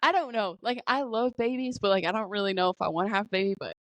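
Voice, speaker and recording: A woman's voice: medium pitch, fast talker, no room sound. A young woman co-hosting a podcast, chatting casually and rambling with lots of "like"s. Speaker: podcast co-host. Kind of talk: casual chat.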